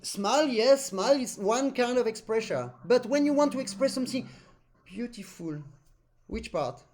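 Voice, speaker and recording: French accordion teacher guy, high voice, animated, hums the tunes, broken english. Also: moderate pace. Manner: animated, non-native English, sings and hums phrases. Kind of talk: masterclass coaching.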